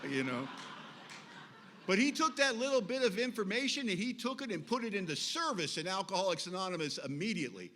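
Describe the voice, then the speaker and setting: High-voiced man telling a recovery story. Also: moderate pace, a little hiss or hum. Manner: animated storytelling with acted quotes. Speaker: speaker sharing his recovery story. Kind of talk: recovery meeting talk.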